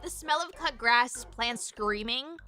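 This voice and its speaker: A woman livestreamer chatting casually to her viewers, rambling with lots of "like", swearing freely and breaking into excited squeals. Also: a little high, unhurried, faint music behind.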